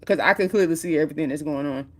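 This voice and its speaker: A woman's voice: low-pitched, very fast, darkish tone. Chatty woman telling a story. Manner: chatty, slangy, acts out the quotes. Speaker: storyteller vlogger. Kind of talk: casual storytime retelling.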